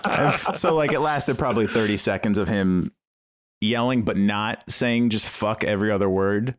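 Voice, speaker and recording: A middle-aged man, co-hosting a casual podcast and telling a story with lots of swearing and acted-out shouting. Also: fairly low pitch, moderate pace. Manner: animated storyteller, swears freely, acts out shouting fans. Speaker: podcast co-host.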